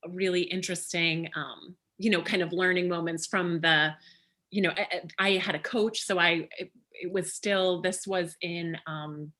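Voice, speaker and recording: A woman author, chatting casually as a guest, talks a little slowly in a low, steady, sharp-toned voice. She rambles, restarts often, and fills her speech with "you know" and "like."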